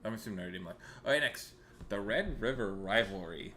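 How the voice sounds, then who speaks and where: A man's voice: fairly low pitch, expressive, brisk, pushed and bright. A man hosting a casual chat and calling on each person in turn for their pick. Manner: leads the group, calls on each person. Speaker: host running the picks. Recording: noisy background.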